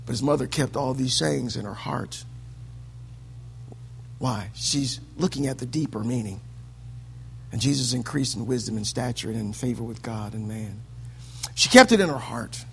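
Gravelly-voiced male preacher, sing-song cadence. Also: mid-range voice, lively intonation, normal speed, long pauses. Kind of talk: sermon.

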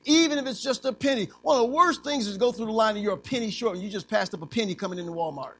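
A man preaching a sermon as pastor, animated, asking the congregation to finish his lines and acting out little scenes. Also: sits high, very fast, a little hiss or hum. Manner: animated preaching with call-and-response questions; acts out little scenes in other voices.

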